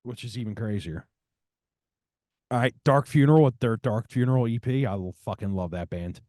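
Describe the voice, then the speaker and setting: A man's voice: mid-range voice, expressive, normal speed, dark tone, dry recording, clean studio sound. A middle-aged man co-hosting a casual podcast, swearing freely and gushing about records. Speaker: podcast co-host. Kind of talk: casual chat.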